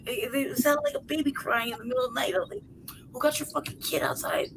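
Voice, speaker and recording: In a casual, profane podcast conversation, a city-raised woman co-host tells a story, animated and quick to laugh, voicing the people she describes. Her voice sits high and sounds creaky, she talks fast, and the low-quality recording has slight background noise.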